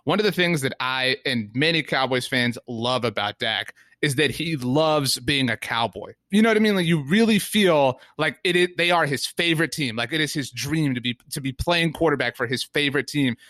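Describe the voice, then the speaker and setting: A man's voice: medium pitch, lively intonation, normal speed, few pauses, a bit bright, no echo. A man co-hosting a casual sports podcast, rambling with many fillers. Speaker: podcast co-host.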